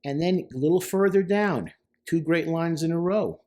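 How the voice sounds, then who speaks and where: A man's voice: on the high side, moderate pace, mellow. A middle-aged man, a therapist, talking casually about song lyrics, stressing points by repeating words. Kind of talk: casual commentary.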